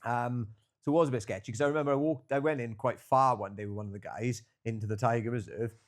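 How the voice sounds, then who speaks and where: A man's voice: medium pitch, steady tone, fast. Rambling young man telling travel stories. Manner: rambling storyteller, swears freely, filler-heavy. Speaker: podcast co-host. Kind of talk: casual chat.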